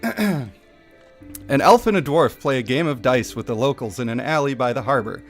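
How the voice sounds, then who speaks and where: Brief: playful male game streamer, lively pitch, faint game music behind. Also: normal speed. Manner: playful, self-mocking, laughs often. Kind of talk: live reading of a game story.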